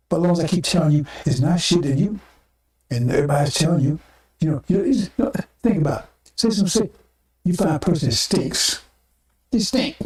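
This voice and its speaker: A man's voice: sits high, mellow, echoey room, recorded from a distance. A man preaching a sermon to the congregation in a blunt, profane, repetitive way.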